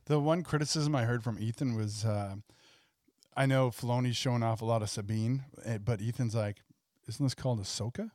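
A man's voice: medium pitch, brisk, darkish tone, no echo, clean studio sound. Laid-back podcast co-host man. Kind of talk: casual chat.

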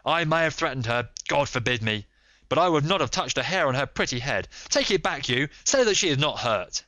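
A man reading a volatile American man, grieving and defiant, with an American accent, loud and pleading. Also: mid-range voice, a little fast, no room sound, natural voice. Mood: frantic.

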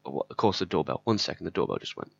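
A man's voice: deep voice, big pitch swings, racing, vocal fry. A man hosting a podcast, talking through a personal story in a candid, rambling way and swearing often. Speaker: podcast host. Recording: slightly dull lo-fi audio.

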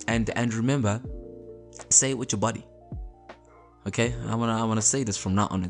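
Male podcast host, low register, loose motivational chat, frequent "you know, right?" check-ins. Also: fairly quick, soft background music. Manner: conversational, repeats words, checks in with listeners. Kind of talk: casual motivational talk.

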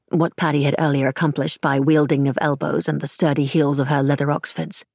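Audiobook narrator, woman, low and husky, measured read. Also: little pitch movement, a little mellow, no echo, clean studio sound. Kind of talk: scripted narration.

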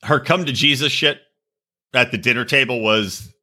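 A man co-hosting a podcast, swearing freely as he recaps a reality show with lively mimicry. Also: normal speed. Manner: profane, animated storytelling with shrill mimicry. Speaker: podcast co-host. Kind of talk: crude casual chat, recapping a reality show.

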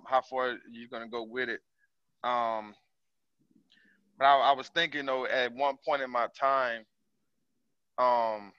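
Forceful man sharing haltingly on a call. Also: medium pitch, no room sound. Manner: halting, many ums and restarts. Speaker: caller, small business owner. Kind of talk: casual sharing on a group call. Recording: dull lo-fi call audio.

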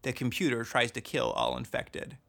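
A young man co-hosts a podcast, recapping a TV show in casual chat. His voice has a gravelly edge at a middle pitch, and his humor is dry and sarcastic. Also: level tone, moderate pace, a bit bright. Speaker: podcast co-host.

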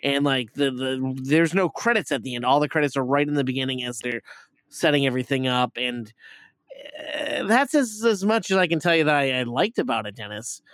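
A man's voice: medium pitch, lively intonation, brisk, fairly bright tone, dry recording, clean studio sound. A man chatting casually on a podcast, rambling and swearing as he reviews a movie, with lots of fillers. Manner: rambling, profane, full of fillers. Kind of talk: casual chat.

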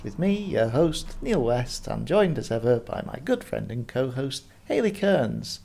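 A man's voice: mid-range voice, very animated, measured pace, vocal fry, hardly any pauses, warm tone. A man hosting a mindfulness podcast, chatting and then reading a story aloud. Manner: friendly, chatty, with ums. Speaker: podcast host.

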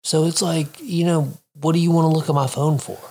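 A husky, slightly breathy voice in relaxed talk with a friend. The speaker sometimes trails off into a low, quiet mumble. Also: fairly quick. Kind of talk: casual profane chat.

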